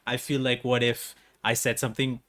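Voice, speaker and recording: A man's voice: medium pitch, little pitch movement, moderate pace, fairly bright tone. A man hosting an interview in English, which is not his first language, talking eagerly with many fillers and giggles. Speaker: interview host. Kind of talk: casual interview chat.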